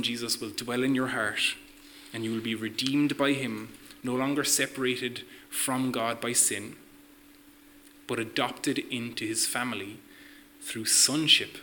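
Man, preacher, sermon, earnest, asks listeners questions, middle pitch, faint background noise. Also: fairly even intonation, a little slow, pushed and bright, low-quality recording.

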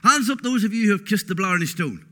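A man's voice: high voice, expressive, quick pace, fairly bright tone. A man preaching a sermon, emphatic and folksy, repeating words for stress.

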